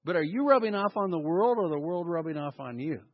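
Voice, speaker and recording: Guy preaching a sermon, high voice, really animated, kinda dull lo-fi sound. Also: brisk, in a large hall. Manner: animated, sarcastic preacher with mocking asides. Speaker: pastor.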